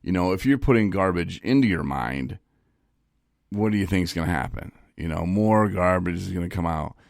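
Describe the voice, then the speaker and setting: A man in a casual live-stream monologue, halting and repeating words, laughing at himself, and getting choked up. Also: low-pitched, lively intonation, gravelly, no echo, clean studio sound. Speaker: recovery vlogger. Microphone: phone.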